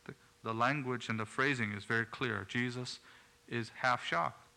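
Gravelly guy preaching, earnest, gets loud and punchy at times. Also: medium pitch, normal speed. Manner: earnest, rising to emphatic bursts. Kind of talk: sermon.

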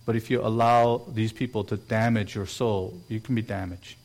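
A man's voice: lowish voice, fairly even intonation, normal speed, darkish tone. A man preaching a sermon in an earnest way, now and then acting out quoted voices. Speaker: pastor.

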